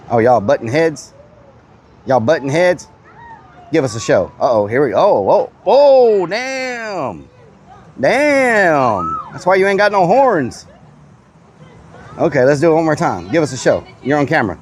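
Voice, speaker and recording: A man's voice: fairly high pitch, big pitch swings, unhurried, long pauses, a little hiss or hum. A man hosting a livestream outdoors at a petting zoo, goofily teasing the animals. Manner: goofy, teasing animals, bleats at them. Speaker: livestream host. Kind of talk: casual livestream chatter.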